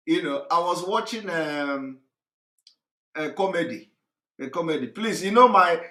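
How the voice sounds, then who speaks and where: A man's voice: a little high, fairly bright tone. A man giving a rambling live broadcast monologue, retelling stories with a comic touch. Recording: roomy echo.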